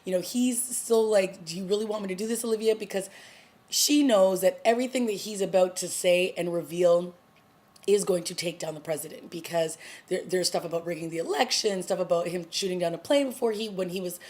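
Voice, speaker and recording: A woman vlogger casually recapping a TV episode, chatty and animated, acting out the characters' lines as she goes. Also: fairly low pitch, brisk. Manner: chatty, animated retelling with acted-out quotes. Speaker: TV review vlogger.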